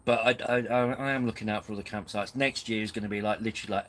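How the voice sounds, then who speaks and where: A man's voice: on the low side, steady tone, quick pace, fairly bright tone, a little hiss or hum, poor audio. A man hosting a casual live stream from his tent, rambling and self-deprecating. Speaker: camping channel host. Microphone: camera on tripod.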